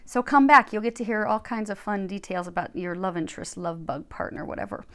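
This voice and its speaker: A woman's voice: medium pitch, brisk. A woman giving a chatty tarot reading, sounding congested from a cold and talking to viewers as she lays out cards. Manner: chatty, reassuring, talks while laying out cards. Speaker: tarot card reader. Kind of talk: casual spoken tarot reading.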